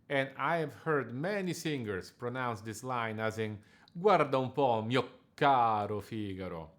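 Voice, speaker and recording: A male diction coach delivers a scripted lesson for singers. He explains each point in a measured, precise way. His voice sits at a middle pitch for a man. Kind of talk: scripted instructional narration.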